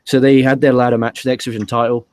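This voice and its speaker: A man's voice: medium pitch, flat delivery, racing, a little mellow, dry recording. A man co-hosting a podcast, recapping a wrestling show in a dry, matter-of-fact way. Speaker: podcast co-host.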